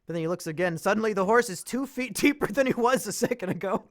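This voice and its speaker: A man hosting a casual podcast, retelling a film in an animated, profane way and laughing often. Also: high-pitched, fast talker. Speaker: podcast host.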